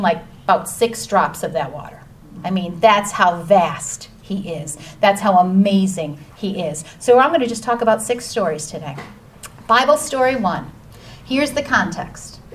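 Upbeat woman leading a children's Bible lesson; chatty, bright-pitched, recorded from across the room. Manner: enthusiastic, chatty, reads scripture aloud. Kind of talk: lively Bible lesson for kids. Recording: distant mic with faint noise.

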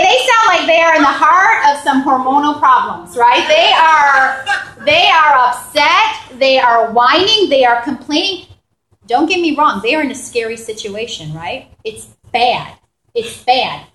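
A woman from New York preaches with a bright, high voice. She talks to her listeners conversationally, asks "right?" again and again and acts out what people said. The sound rings in a reverberant hall. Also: moderate pace. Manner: animated, conversational, with repeated "right?" and acted-out quotes. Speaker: pastor. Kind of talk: sermon. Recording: echoey hall.

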